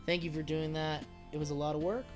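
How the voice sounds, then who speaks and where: A man's voice: a little high, level tone, quick pace, soft background music. A man chatting casually while live-streaming a video game, rambling, joking and swearing freely as he talks to his chat. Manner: rambling, profane, jokey.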